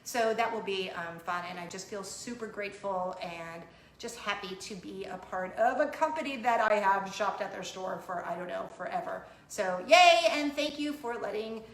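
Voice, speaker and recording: A woman's voice: medium pitch, moderate pace. A middle-aged woman hosting a casual chat vlog, bubbly and giggly as she chats about parenting. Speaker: host, mother. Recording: roomy room with faint hum.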